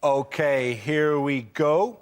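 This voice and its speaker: A man hosting a comedy panel show, announcing topics briskly. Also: a little high. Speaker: host. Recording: live studio with audience and noise.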